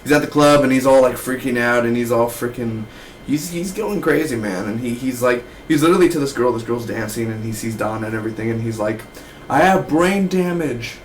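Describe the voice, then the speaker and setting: Young male reviewer, loose and slangy, mid-pitched voice, rambling delivery. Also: fairly even intonation, fast talker, a little hiss or hum, low-quality recording. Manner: slangy, loose, keeps saying man and dude. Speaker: TV show reviewer.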